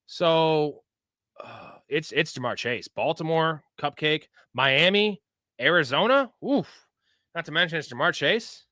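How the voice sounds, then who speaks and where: A young man hosts a live sports betting stream in loose, swearing bro talk. His voice is bright and forceful, sitting a little high for a man. The sound is dry and close. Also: animated, unhurried, no echo. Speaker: host of a live sports betting and fantasy show. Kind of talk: casual livestream chat answering viewer questions.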